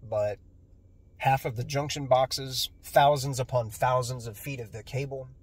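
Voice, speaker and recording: A man's voice: medium pitch, steady tone, a little slow, husky. A man who works as an electrician, talking to camera about his job in a plain, earnest way, with a nasal voice and a self-deprecating streak. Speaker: electrician and video creator. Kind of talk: casual vlog talk to camera. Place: on a construction job site during lunch break.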